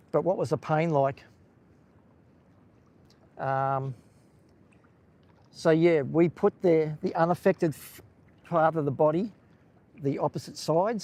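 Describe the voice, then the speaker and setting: A man's voice: fairly high pitch, warm tone. Chatty Australian man on a beach walk. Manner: chatty, rambling, chatting with viewers. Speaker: live-stream host. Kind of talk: casual live-stream walking commentary. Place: outdoors on a coastal beach.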